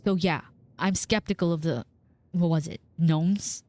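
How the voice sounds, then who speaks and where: A woman's voice: lowish voice, measured pace, darkish tone, no echo, lightly acted. A woman reading the lines of a curt, dismissive young woman cousin from a story game, clipped and skeptical. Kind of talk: reading game dialogue aloud.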